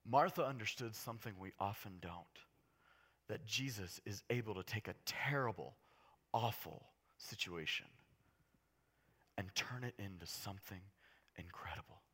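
A male pastor delivering a sermon with real fire. His voice is bright and forward, and it swings from near-whispered storytelling to loud, ringing emphasis. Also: fairly low pitch, measured pace, breathy edge. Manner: impassioned, swinging from hushed to loud.

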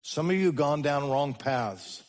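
Male pastor, unhurried sermon delivery, higher voice, sudden loud rises and hushed drops. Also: lively intonation.

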